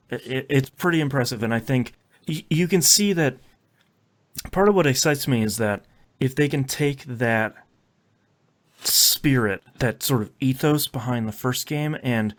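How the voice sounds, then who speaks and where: A man co-hosting a casual games podcast, talking with enthusiasm and frequent restarts. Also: medium pitch. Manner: enthusiastic, stumbling restarts, lively quoting. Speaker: podcast co-host.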